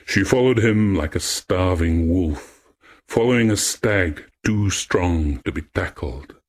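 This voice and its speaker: Slow, deep-voiced man reading a myth. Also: lively intonation. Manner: slow, measured, poetic. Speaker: storyteller.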